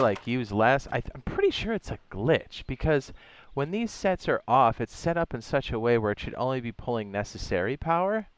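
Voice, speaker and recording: A man with a medium-pitched voice streams a building game and chats casually, rambling a bit. He's relaxed and slangy with his viewers, tossing in asides like "dog" and "my guy," and the recording is dry.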